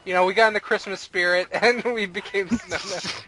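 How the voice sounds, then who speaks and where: A young man giving relaxed live co-op gameplay commentary and joking with friends. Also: high voice, moderate pace, poor audio. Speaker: gamer.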